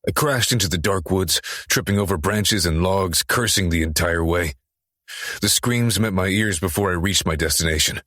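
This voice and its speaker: Male first-person narrator, deep and husky, intense and urgent. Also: normal speed, sharp tone, dry recording, clean studio sound. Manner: intense, profane, urgent delivery. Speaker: audiobook narrator.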